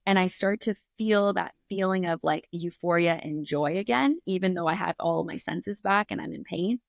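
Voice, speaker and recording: Low gravelly woman telling a story. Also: normal speed, dry recording, clean studio sound. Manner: candid, swears freely, acts out her own past reactions; animated retelling with many fillers. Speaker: podcast guest, author. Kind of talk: casual storytelling in an interview.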